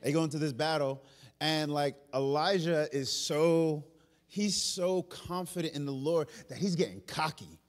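A male pastor, preaching an animated, storytelling sermon in a church. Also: on the high side, measured pace. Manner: animated, storytelling, self-aware asides. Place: church sanctuary.

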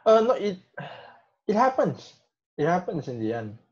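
A man in a casual film discussion, talking haltingly with many restarts and "you know" fillers. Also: sits high, sing-song, husky. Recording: dull lo-fi sound.

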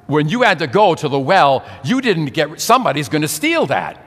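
A man's voice: fairly high pitch, very animated, moderate pace, few pauses, a bit bright. A man in his sixties preaching a sermon full of rhetorical questions. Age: 60s. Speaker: priest. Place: large church. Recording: church with long reverb.

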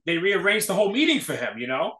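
Animated New storyteller, echoey room. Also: male voice, high voice, fast talker. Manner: animated storyteller, acts out quotes. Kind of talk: casual storytelling chat.

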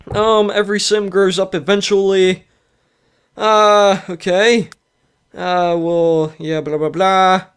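A let's play host giving casual gameplay commentary at a computer microphone, excitable, with frequent exclamations and mock scolding. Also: mid-range voice, slow, smooth.

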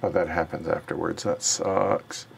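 A man calling turns and explaining rules in an unhurried way in a casual live-streamed board game chat. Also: deep voice, fairly even intonation, creaky, breathy edge. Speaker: board game show regular.

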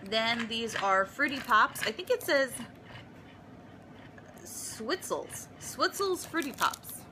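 A woman's voice: on the high side, sing-song, takes it slowly, background noise. A woman filming a casual unboxing vlog in her apartment, gushing and emotional over each gift. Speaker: vlogger.

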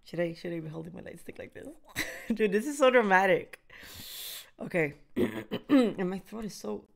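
Excitable young woman streaming a reaction. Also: fairly low pitch, moderate pace, gravelly. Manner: excitable, nervous chatter with laughs and shrieks.

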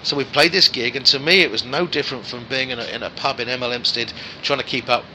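A man in his forties tells anecdotes as a guest in an easy chat. His voice is very bright and sharp, pitched in the middle range, and he slips into other people's voices as he tells each story. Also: fast, slight background noise, poor audio. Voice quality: animated raconteur who acts out voices in his anecdotes. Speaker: guest musician.

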